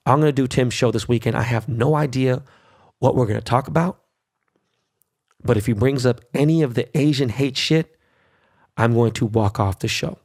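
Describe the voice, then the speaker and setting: A man's voice: mid-range voice, a little mellow. A middle-aged man hosting his own podcast, ranting brashly and cursing a lot. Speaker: podcast host. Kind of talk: solo podcast rant.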